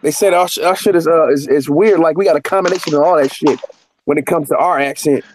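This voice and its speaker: Man, high voice, host, emphatic, repeats himself. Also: fast, background noise. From Northern California. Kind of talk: casual chat.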